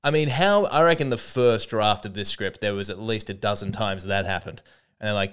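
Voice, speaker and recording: A man's voice: lowish voice, brisk, a bit bright, smooth. A young man hosting a solo comedy podcast, rambling and self-mocking as he jumps between bits.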